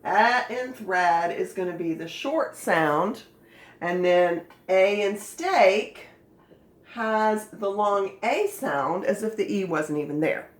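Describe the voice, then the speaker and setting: A woman gives a recorded phonics lesson to young children. She speaks slowly and clearly, enunciating each word. Her manner is playful and animated. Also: medium pitch, echoey room. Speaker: phonics teacher.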